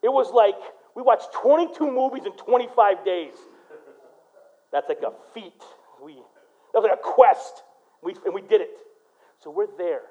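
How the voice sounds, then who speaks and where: A male pastor from Michigan preaching a sermon, swinging between loud, punchy lines and quiet storytelling. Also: high-pitched, unhurried, lo-fi sound.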